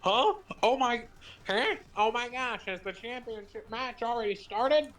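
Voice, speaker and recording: A man's voice: very high-pitched, lively intonation, normal speed, a bit bright, pitched above the performer's own voice. A man voicing an eager, inquisitive young woman journalist in glasses, in a raised put-on girl voice during a let's play fan dub. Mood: startled. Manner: perky, inquisitive.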